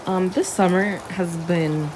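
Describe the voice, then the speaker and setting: A chatty young woman, vlogging casually about her week as a small shop owner, now and then dropping into a hushed whisper. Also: fairly low pitch, fairly even intonation, slow pace, background noise. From Texas. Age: 20s. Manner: bubbly, chatty, drops to whispers when cozy. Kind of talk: casual vlog chat. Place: outdoors at home during a rainstorm, then indoors. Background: rain falling.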